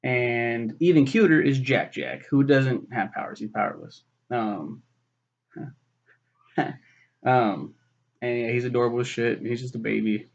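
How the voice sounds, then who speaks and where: A man's voice: mid-range voice, a little slow. A man casually reviewing a film in a rambling, profane way, full of fillers and restarts. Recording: dull lo-fi recording.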